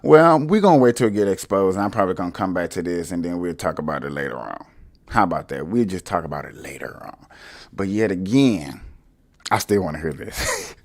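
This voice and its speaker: A man hosting a casual live stream, addressing viewers directly in a loud, mocking way. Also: sits low, animated, brisk.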